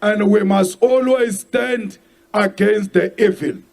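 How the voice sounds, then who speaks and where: South African man, political leader giving an emphatic rally speech, high voice, slow delivery. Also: gravelly. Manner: slow, emphatic, shouted lines.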